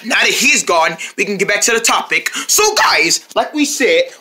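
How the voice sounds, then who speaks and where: A performer playing several characters in a playful comedy skit, switching quickly between them and breaking into shouts. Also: medium pitch, lively intonation.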